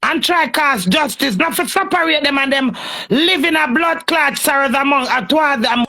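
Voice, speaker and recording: Jamaican woman going off on a live stream, high gravelly bright voice, cussing nonstop. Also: animated, normal speed. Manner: heated, cursing, confrontational. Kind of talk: angry live-stream rant. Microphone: phone on a live stream.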